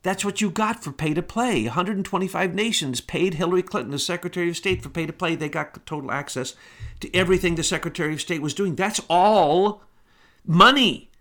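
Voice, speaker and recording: A man's voice: high voice, fast, a bit bright. A man hosting a talk show, delivering an emphatic, indignant monologue full of rhetorical questions.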